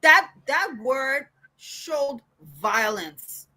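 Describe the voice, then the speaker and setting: Brief: female panelist, high bright voice, pointed. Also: lively intonation, extremely slow, poor audio. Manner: pointed, questioning. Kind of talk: panel debate.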